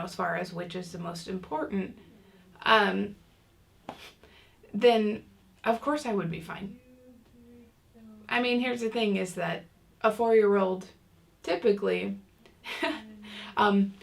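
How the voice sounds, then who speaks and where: A woman teaches a casual online parenting class, chatting along with lots of fillers and restarts. Her voice is mid-range and gravelly.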